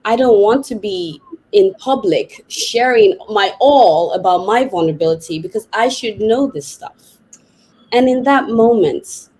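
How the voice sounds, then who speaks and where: Woman, psychotherapist guest, podcast storytelling, animated delivery, mid pitch. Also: a little slow, slightly rough, rough recording. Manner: animated, vivid retelling with laughs. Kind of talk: personal storytelling in a podcast conversation.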